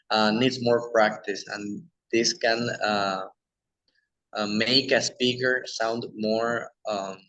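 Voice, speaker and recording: A man with a Spanish accent, a native Spanish speaker, teaching English pronunciation in a halting lecture with many restarts. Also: on the low side, a bit bright, poor audio.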